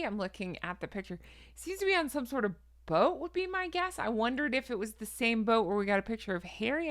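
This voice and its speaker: A woman's voice: sits high, a bit bright. A woman hosting an opinionated celebrity commentary, sarcastic and incredulous, hedging her claims with asides. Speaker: commentary host.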